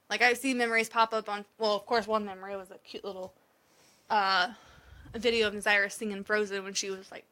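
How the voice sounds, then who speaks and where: A woman's voice: fairly high pitch, pushed and bright. A woman co-hosting a podcast, telling an emotional story in casual chat, swearing freely and laughing often. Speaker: podcast co-host.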